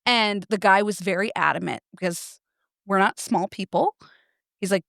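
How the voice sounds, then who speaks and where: A woman co-hosting a podcast, telling a story in a lively way and laughing often. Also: mid-range voice, moderate pace, gravelly, dry recording, studio quality. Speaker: podcast co-host. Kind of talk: casual chat.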